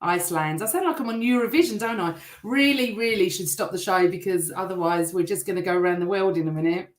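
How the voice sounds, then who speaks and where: A middle-aged woman hosting a live football fan show, chatting and reading out viewer comments, her voice a bit rough. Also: fairly low pitch, fast. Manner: chatty, warm toward viewers, teasing. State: voice still rough from shouting. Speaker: host. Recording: echoey room.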